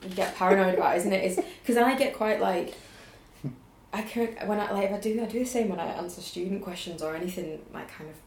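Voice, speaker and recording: A woman's voice: mid-range voice, fast talker, a little mellow. A woman, a designer and illustrator, chatting as a guest in a self-deprecating way with frequent laughter. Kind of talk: casual chat. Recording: echoey room with faint hiss.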